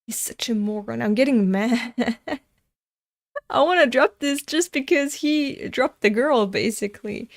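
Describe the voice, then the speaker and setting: A young woman reads a comic aloud and comments bluntly and casually, often exasperated. Her voice sits fairly high, and her pace is slow and unhurried. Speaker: comic reader.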